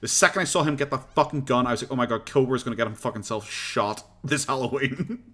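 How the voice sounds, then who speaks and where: A man's voice: mid-range voice, fast, fairly bright tone, a little hiss or hum. An Irish man chatting casually as a streamer reacting to videos, rambling, swearing and laughing often. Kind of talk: casual chat.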